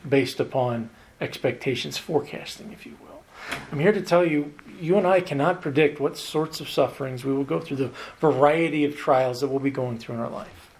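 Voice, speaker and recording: A man's voice: a little high, brisk, slight background noise. Earnest preacher man, stretching key words. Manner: self-deprecating asides with light humor. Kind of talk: sermon.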